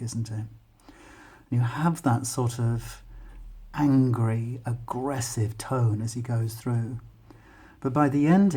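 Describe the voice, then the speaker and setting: A man with an English accent, talking students through a poem and thinking aloud in an unhurried, explanatory way. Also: medium pitch, mellow, breathy edge. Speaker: English teacher.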